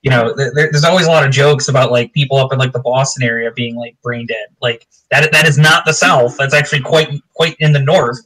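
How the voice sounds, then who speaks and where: Bright-voiced man in rambling chat. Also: medium pitch, brisk, hardly any pauses, low-quality recording. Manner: rambling, animated, laughs often. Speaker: podcast co-host. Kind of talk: casual chat.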